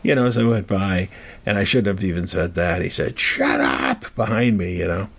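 Gravelly, low-voiced man telling a story. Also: steady tone. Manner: rambling, halting, with many fillers. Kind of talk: personal storytelling.

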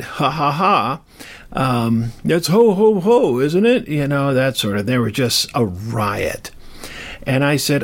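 A man's voice: medium pitch, very animated, moderate pace. An older man hosting a show, telling a story in a rambling, chatty, self-deprecating way. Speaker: host. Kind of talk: casual storytelling.

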